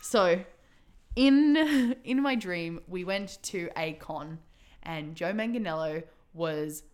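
A woman's voice: on the low side, takes it slowly. A woman co-hosting a casual podcast, telling stories with lots of giggling. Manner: giggly, animated storytelling. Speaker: podcast co-host. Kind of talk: casual chat.

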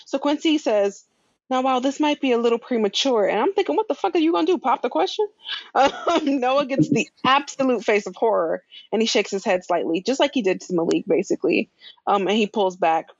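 Casual woman podcaster, lively storyteller, dry muffled mic. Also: a little high, normal speed, dry recording. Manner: animated storytelling with laughs and slangy asides. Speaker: podcast co-host recapping a show. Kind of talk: casual chat.

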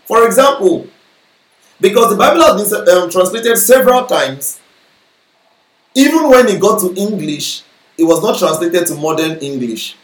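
A man with a notably high voice teaches the Bible like a sermon. He explains patiently and keeps asking whether his listeners are with him. The sound is echoey, as if from a bare room. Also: lively intonation, normal speed. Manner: explanatory, checks in with listeners often.

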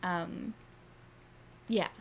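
A young woman from Durban in a casual podcast chat, chatty and giggly, who often breaks into animated voices when she quotes someone. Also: lowish voice, extremely slow, creaky, slight background noise. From South Africa (Durban). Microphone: podcast mic.

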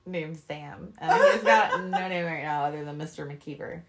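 A woman's voice: sits low, normal speed, over a noisy crowd. A young woman co-hosting a podcast, telling stories in a loose, profane way and laughing often. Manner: profane, animated storytelling with frequent laughter. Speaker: podcast co-host. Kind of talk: casual chat.

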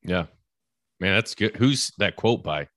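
A man with a low voice hosts a casual interview, encouraging his guest and affirming each answer. The sound is close and dry. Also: animated, unhurried, fairly bright tone, no echo. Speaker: podcast host.

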